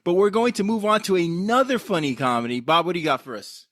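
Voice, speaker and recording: A man's voice: high voice, very animated, fast, fairly bright tone, no echo, studio quality. A man hosting a casual podcast, enthusiastic and speaking straight to the listeners. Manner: enthusiastic, urges listeners directly. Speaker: podcast host.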